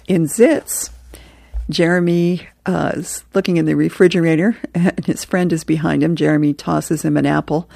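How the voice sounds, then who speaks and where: A woman's voice: low voice, steady tone, measured pace, gravelly, pauses often, dark tone, dry recording, clean studio sound. A woman host reading newspaper comic strips aloud, chuckling between them.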